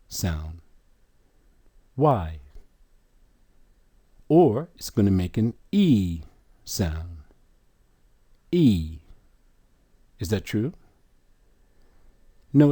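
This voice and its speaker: A man's voice: fairly low pitch, dark tone, no room sound. A man teaching a religious lesson on letters and sounds, emphatic and prone to quizzing his listeners. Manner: slow, emphatic, questioning the listener.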